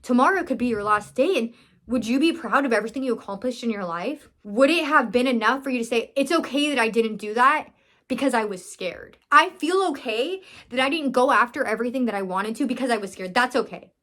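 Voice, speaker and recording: A woman's voice: fairly high pitch, expressive, a little fast, a bit bright. A young woman vlogger talking earnestly and emotionally to her viewers, rambling with restarts. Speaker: vlogger and business owner. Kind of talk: casual heartfelt talk to camera.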